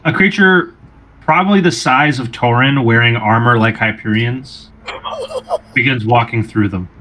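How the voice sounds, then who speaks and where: A man narrating a tabletop game as game master, describing the scene in steady, descriptive terms. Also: medium pitch, measured pace, slight background noise.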